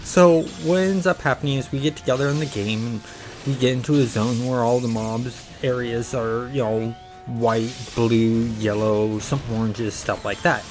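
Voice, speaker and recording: A man's voice: medium pitch, steady tone, moderate pace, darkish tone, faint music behind, low-quality recording. A man hosting a gaming channel, casually telling a story in a rambling way, acting out the quotes.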